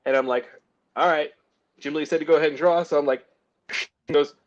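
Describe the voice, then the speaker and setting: A man's voice: fairly high pitch, fast talker, highs cut off. A man, a comic book artist, telling self-deprecating stories in a casual interview, acting out what others said and laughing at himself. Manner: animated anecdotes with lots of "like" and acted-out quotes; self-deprecating, frequent laughs and small coughs.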